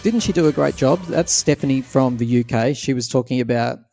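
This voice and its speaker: A man hosting a podcast in a casual, playful way, now and then mocking people with squealing high voices. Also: a little fast, gravelly, dark tone, faint music behind. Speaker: podcast host.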